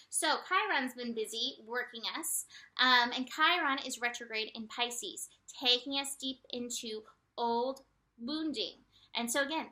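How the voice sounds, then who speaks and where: A woman with a high, bright voice talks through a day's astrology and tarot reading. Her delivery is gentle and soothing, broken up by light laughs and animated, quoted asides. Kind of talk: casual spiritual forecast.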